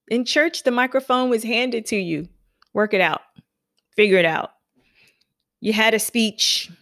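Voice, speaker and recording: A woman telling a personal story in a lively, conversational way, then leading into spoken affirmations as a motivational speaker. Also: a little high, a little slow, long pauses, no echo, clean studio sound. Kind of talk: personal anecdote and motivational talk.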